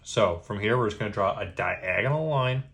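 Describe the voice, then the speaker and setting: A man giving a step-by-step drawing lesson, patient and easygoing, checking in with a quick "okay?" after each step. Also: fairly low pitch, animated, a bit bright. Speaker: drawing instructor.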